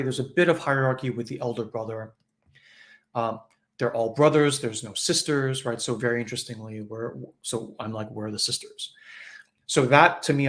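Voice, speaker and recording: A man giving a conversational spiritual teaching in a live online session, often acting out quoted voices. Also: medium pitch.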